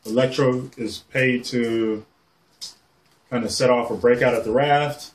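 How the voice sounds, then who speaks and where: A man casually showing off his comic collection on camera, rambling excitedly and swearing casually as he goes. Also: medium pitch, measured pace. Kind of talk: casual show-and-tell.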